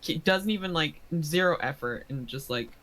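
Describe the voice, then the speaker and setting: A woman with a very low voice chatting casually among friends. She laughs easily and strings her thoughts together with fillers. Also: animated, moderate pace, a bit bright, rough recording. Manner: giggly, chatty, lots of fillers. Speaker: tabletop game player. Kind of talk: casual chat.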